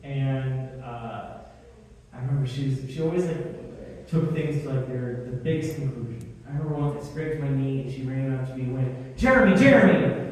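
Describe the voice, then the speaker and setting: A man's voice: medium pitch, fairly even intonation, normal speed, dark tone. A young man performing a stand-up comedy set on a club stage, with a dry, self-deprecating delivery full of fillers. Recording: roomy club sound, heard from a distance.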